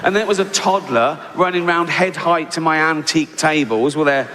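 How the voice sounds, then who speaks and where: A man's voice: on the high side, normal speed, long reverb tail. A man doing a stand-up routine, sarcastic and profane, with mock exasperation. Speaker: stand-up comedian. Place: live comedy stage. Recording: live stage recording with loud background noise.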